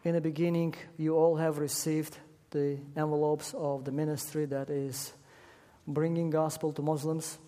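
A man preaching a sermon emphatically, rising to loud peaks on key words. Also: fairly high pitch, little pitch movement, moderate pace. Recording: echoey hall.

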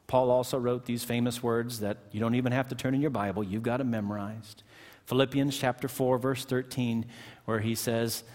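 A male pastor delivers a sermon in a church, rising in pitch to stress key words and then sinking low and slow at the ends of phrases. His voice sits at a middle pitch, and the sanctuary's long reverb trails after each phrase.

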